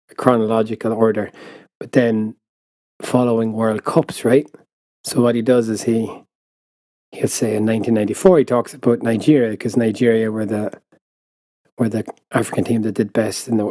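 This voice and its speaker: Laid-back Irish man, dark warm voice. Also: mid-range voice, no room sound. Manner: chatty, laughs often, trails off mid-sentence. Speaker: podcast co-host. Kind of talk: casual chat.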